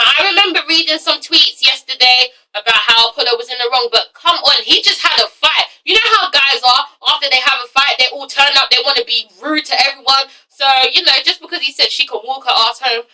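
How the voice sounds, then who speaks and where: A woman's voice: high-pitched, bright, forceful tone, distant mic, rough recording. A woman from London with a London accent, chatting bluntly and swearing freely in a casual review vlog while she has a cold and cough. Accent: London English. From London, England. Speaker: vlogger reviewing TV shows.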